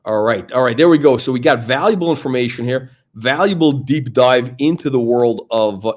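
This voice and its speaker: A man's voice: medium pitch, normal speed, darkish tone. Rambling casual male podcast host. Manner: loose, rambling, jokey with many fillers.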